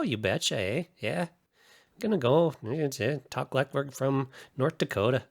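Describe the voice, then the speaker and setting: A man's voice: fairly low pitch, fairly bright tone, no echo, clean studio sound. A man hosting a podcast, giving casual pop-culture commentary in a chatty, opinionated way with frequent asides. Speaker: podcast host.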